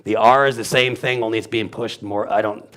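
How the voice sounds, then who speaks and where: A man's voice: mid-range voice, fairly even intonation, brisk, a bit bright. A man giving an informal Bible teaching, sounding out letters aloud and wandering into asides. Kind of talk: informal teaching on Hebrew pronunciation.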